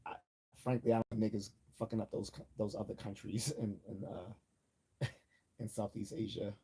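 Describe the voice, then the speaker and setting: A man's voice: lowish voice, warm tone, breathy edge. A man hosting a livestream, talking casually and rambling, with many fillers, restarts and small chuckles. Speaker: livestream host.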